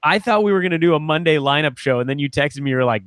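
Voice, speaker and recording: A man co-hosting a live podcast in casual chat, animated and quick to laugh. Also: a little high, clean tone, dry recording, studio quality. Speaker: podcast co-host.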